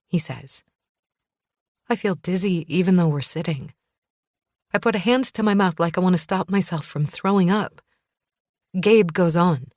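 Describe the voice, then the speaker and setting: A woman narrating a first-person thriller audiobook in a calm, measured way. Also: lowish voice, no room sound, clean studio sound.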